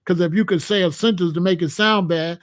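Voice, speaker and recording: A man with a high-pitched voice hosts a livestream, speaking fairly quickly as he preaches at his chat and repeats phrases in a lecturing way.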